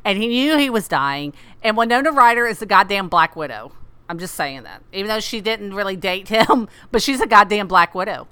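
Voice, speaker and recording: Lively, swearing woman podcast co-host. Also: mid-range voice, a little fast, clean tone. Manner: candid, swears freely, laughs a lot. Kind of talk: casual chat.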